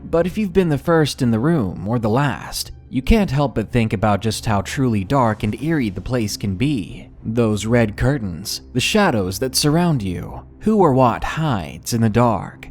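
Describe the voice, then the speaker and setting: A man narrating true scary stories in scripted, expressive storytelling. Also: mid-range voice, unhurried, hardly any pauses, soft background music.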